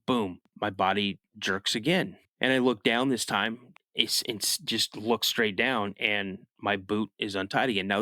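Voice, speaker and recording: A man who is a guest on a podcast, telling a personal story in a casual, animated way. He often restarts his sentences and adds "you know" asides. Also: on the low side, dry recording, studio quality. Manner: animated storyteller, rises sharply when acting out his younger self shouting.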